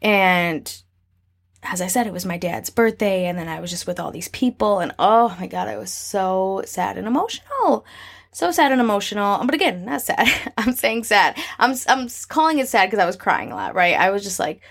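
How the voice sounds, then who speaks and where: A woman's voice: medium pitch, lively intonation, moderate pace, a bit bright. A woman vlogger talking casually and reflectively about her feelings, with lots of fillers and restarts. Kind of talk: casual personal talk to camera.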